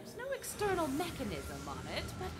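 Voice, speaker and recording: A woman voicing a composed, formal adventurer in a video game, with measured speech. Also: high voice, wildly swooping pitch. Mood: curious. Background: game music.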